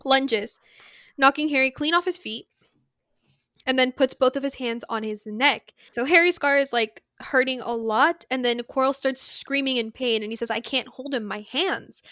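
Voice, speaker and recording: Woman co-host, bright and forward voice, dry close sound, casual slangy recap. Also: high voice, no room sound. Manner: retells the story with slangy asides and quick impressions. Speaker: podcast co-host. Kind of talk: casual book recap chat.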